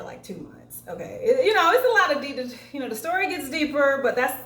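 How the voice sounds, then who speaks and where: A woman's voice: mid-range voice, a little hiss or hum. A young woman telling a story on her vlog, casual and profane, acting out quotes along the way. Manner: profane, animated retelling with acted-out quotes. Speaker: vlogger. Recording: echoey room, faint ambience.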